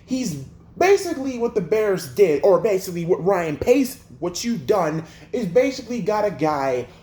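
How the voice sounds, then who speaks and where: A man's voice: high-pitched, darkish tone, reverberant. A man hosting a sports livestream, ranting in an exasperated, profane way with lots of rhetorical questions. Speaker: sports channel host.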